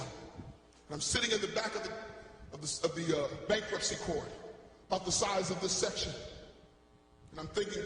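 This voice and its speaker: A middle-aged man preaching his testimony with earnest, emotional storytelling. His voice is high for a man. It rings through a big echoey church with a long reverb tail and steady noise behind him. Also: normal speed. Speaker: gospel singer giving testimony. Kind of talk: testimony sermon. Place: church, live before a congregation.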